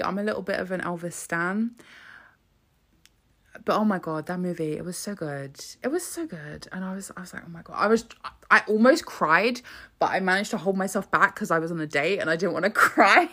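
A woman's voice: medium pitch, pushed and bright. A young woman hosting a solo podcast, chatty and sweary, rambling with frequent restarts. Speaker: podcast host.

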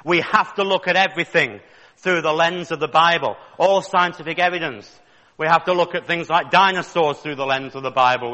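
Man, preacher, fervent sermon delivery, fairly high pitch, long reverb. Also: pushed and bright. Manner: fervent, rising to emphatic questions.

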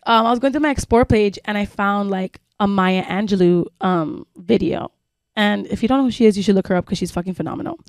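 A woman's voice: medium pitch, fairly quick, a little mellow, no room sound, studio quality. Casual woman co-host telling a story. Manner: rambling storytelling with many fillers and swearing. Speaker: podcast co-host. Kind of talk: casual chat.

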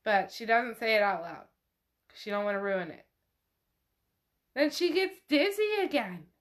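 A woman with a voice on the high side and lively intonation speaks unhurriedly. Hosting a podcast, she gives a casual recap of a novel chapter, chatting and swearing freely as she narrates what the characters do.

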